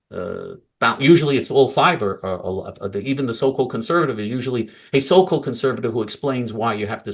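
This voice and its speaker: A male political commentator ranting angrily and mockingly, swinging from loud outbursts to low mutters.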